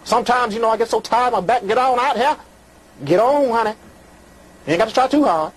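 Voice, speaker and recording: A man's voice: very high-pitched, brisk, breathy edge, rough recording. A man hosting a call-in show, ranting preachily at callers and crooning flirtatiously at others. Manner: preachy, rambling, hollering rants. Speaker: call-in show host giving readings.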